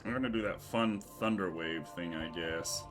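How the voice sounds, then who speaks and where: A man's voice: low-pitched, moderate pace, over music. A man running a tabletop game as game master, laid-back and casual, cursing and laughing often.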